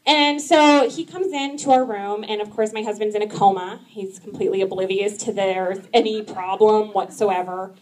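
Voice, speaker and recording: A woman's voice: mid-range voice, fairly even intonation, moderate pace, hardly any pauses, darkish tone. A woman in her thirties doing stand-up comedy at a live event, chatty, with lots of "um"s and laughing at her own jokes. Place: live event in front of an audience.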